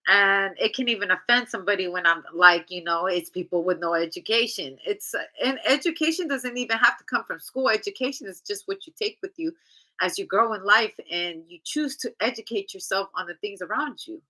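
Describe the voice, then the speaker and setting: A woman's voice: medium pitch, a little fast, sharp tone, low-quality recording. A woman giving a casual tarot reading in a blunt, chatty, profane way. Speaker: tarot reader.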